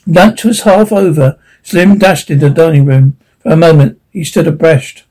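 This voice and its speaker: A man narrating a short story aloud, with a halting delivery that stumbles over words. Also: on the high side, a little mellow, rough recording. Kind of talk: storybook reading.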